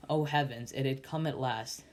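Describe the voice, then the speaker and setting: A man reads a classic novel aloud in a mid-pitched voice. He is a volunteer reader who stumbles often and restarts his words, with a halting delivery. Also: fairly even intonation, darkish tone. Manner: halting, with frequent slips and restarts.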